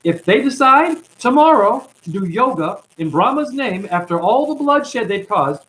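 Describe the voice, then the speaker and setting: A man delivers an impassioned spiritual monologue as a self-styled teacher, ranting straight at his viewers. His voice sits on the high side and swings widely in pitch. He drops "honey" into his scolding. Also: sing-song, normal speed, fairly bright tone, rough recording. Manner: ranting, calls listeners honey.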